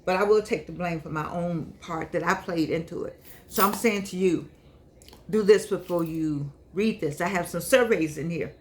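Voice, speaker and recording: A woman's voice: on the low side, normal speed, slight background noise. An older woman talking casually to her viewers, chatty and scolding, who repeats herself and speaks slightly unclearly because she is missing teeth. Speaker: vlogger and author. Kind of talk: casual monologue to camera.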